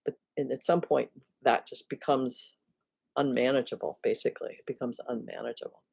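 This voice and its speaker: A woman's voice: a bass voice, fairly even intonation, moderate pace, vocal fry, a little mellow, husky, no echo. Reflective woman, self-mocking spiritual vlogger. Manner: laughs at herself, thinks aloud with restarts. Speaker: spiritual teacher and video host. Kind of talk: casual reflective talk to viewers.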